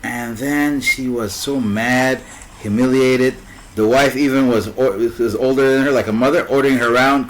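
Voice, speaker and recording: A man spins a long, winding story in casual chat. He often pauses to hunt for a word and slips into the voices of the people he describes. His voice sits at an ordinary mid pitch. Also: fairly even intonation, slight background noise, rough recording. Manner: rambling, fills gaps with "what's it called".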